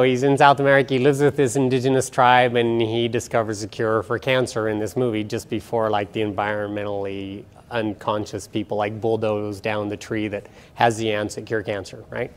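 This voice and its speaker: A middle-aged man giving a casual, jokey talk on nutrition to a small audience in an event room. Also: medium pitch. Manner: chatty, jokey, self-deprecating. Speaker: guest speaker on nutrition.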